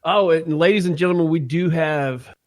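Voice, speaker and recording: A man co-hosts a podcast from a studio, easygoing and quick to laugh. His voice sits a little high for a man. He drops "man" and "dude" into a loose, friendly chat. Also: dry recording. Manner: laid-back, laughs often, says "man" and "dude". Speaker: podcast co-host. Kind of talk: casual chat.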